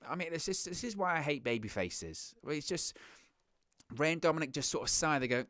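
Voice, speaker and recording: A man's voice: a little high, animated, a little fast, fairly bright tone, no room sound, clean studio sound. A man hosting a wrestling reaction show, ranting in a sarcastic, exasperated way. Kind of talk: casual reaction commentary.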